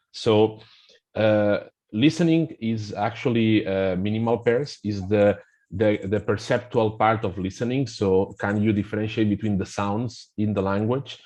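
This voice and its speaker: A man with a Spanish accent, a native Spanish speaker, talks at the low end of his range with a mellow, dark tone. He walks through a pronunciation app in a webinar. His explanations are halting and full of restarts. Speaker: guest presenting a pronunciation app.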